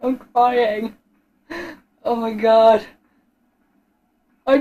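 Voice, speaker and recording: A woman's voice: on the high side, measured pace, phone-quality sound. A woman giving horror game commentary, giggling nervously and squealing with fright. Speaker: gamer.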